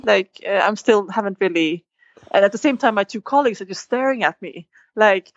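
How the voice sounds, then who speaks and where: A woman's voice: mid-range voice, quick pace, no echo. A woman guest in an interview, telling a story with animation and acting out quoted lines. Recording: dull, dry sound.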